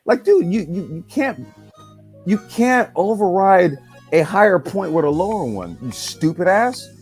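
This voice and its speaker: A man's voice: high voice, big pitch swings, a little slow, a little mellow, faint music behind. Profane, ranting male podcast host. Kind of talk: heated casual chat.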